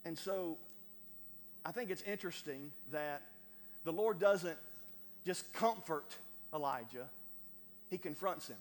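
A man preaching a sermon to a congregation, stammering over repeated words and building to loud emphatic peaks. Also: fairly high pitch, slow, pauses often. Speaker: pastor. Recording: long hall reverb.

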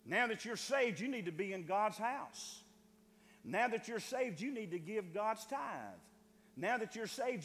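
Man preaching loudly in an echoing church. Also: sits high. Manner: preaching with sudden loud rising calls to the church. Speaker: pastor. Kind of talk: sermon.

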